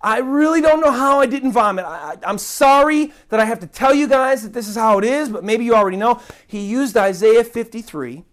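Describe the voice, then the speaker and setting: A woman's voice: fairly high pitch, lively intonation, brisk, hardly any pauses. A woman giving an earnest online Bible teaching, indignant and emphatic, repeating words for stress.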